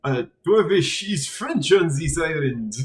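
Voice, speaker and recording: A game master in a tabletop game, a man with a lively, swooping voice that sits somewhat high. He talks slowly and breaks into laughter often. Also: low-quality recording.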